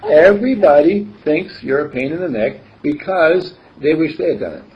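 A man leads a group meeting in an animated, teasing way, his voice sitting a little high and jumping around a lot. He laughs often between points. The recording is slightly dull, with faint noise. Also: normal speed. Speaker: meeting leader. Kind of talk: casual group talk.

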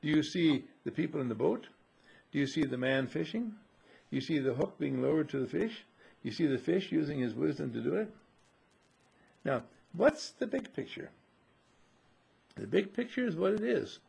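Gravelly, husky-voiced male teacher. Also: fairly high pitch, lively intonation, a little mellow. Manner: slow, musing, repeats and corrects himself. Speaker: spiritual teacher. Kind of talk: metaphysical teaching talk to a group.

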